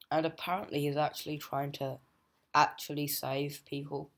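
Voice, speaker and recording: A young adult reviewer recaps a comic's plot in an unhurried, drawn-out way, stopping often on fillers. The voice stays level and monotone, with little rise or fall, as the speaker walks through the story. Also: mid-range voice. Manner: hesitant, many fillers and "just like".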